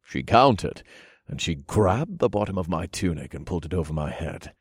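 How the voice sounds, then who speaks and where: Man, erotic story narrator, very low voice, husky, breathy, intimate. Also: very animated, normal speed, dry recording, clean studio sound. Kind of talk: first-person erotic story reading.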